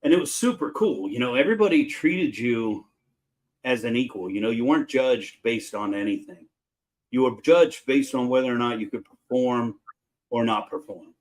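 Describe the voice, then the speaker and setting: A man's voice: mid-range voice, normal speed, low-quality recording. A middle-aged man, a chef hosting his show, telling a casual, folksy story about his early restaurant jobs. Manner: folksy, animated storyteller with fillers.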